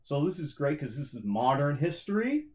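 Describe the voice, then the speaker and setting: A man's voice: on the high side, big pitch swings, darkish tone. A man co-hosting a casual movie podcast, chatty and joking as he talks through a trailer. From Canada. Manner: chatty, jokey, does quick mock voices. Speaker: podcast co-host. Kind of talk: casual chat about movies. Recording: roomy echo.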